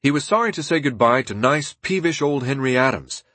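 Male audiobook narrator, husky, dry close sound, measured formal delivery. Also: medium pitch, lively intonation, fairly bright tone, no room sound. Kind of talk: scripted biography narration.

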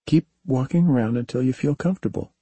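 Calm caring woman in an audiobook, gentle, reassuring, narrator-voiced, man. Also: medium pitch, fast, husky, no echo, pitched above the performer's own voice, natural voice. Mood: soothing.

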